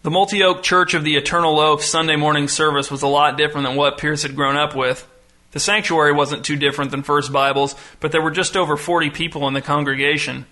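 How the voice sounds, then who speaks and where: A male narrator reading an audiobook with dry, deadpan timing. His voice is bright and forceful and sits slightly high for a man. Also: a little fast.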